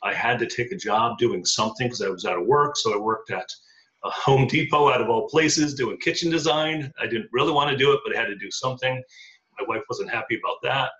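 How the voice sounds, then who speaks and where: A man's voice: medium pitch, a little fast, bright, forceful tone. A middle-aged man telling his life story in an interview, with many ums and uhs. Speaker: interview guest. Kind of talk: casual storytelling. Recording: dull lo-fi audio in echoey room.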